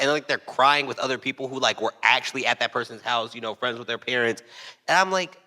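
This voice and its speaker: A young man in loose podcast chat, his voice bright and cutting with a wide, bouncing pitch. He jokes his way through stories, acting out quoted voices as he goes. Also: expressive, fast. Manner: joking storyteller who acts out quoted voices. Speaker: podcast co-host. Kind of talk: casual chat.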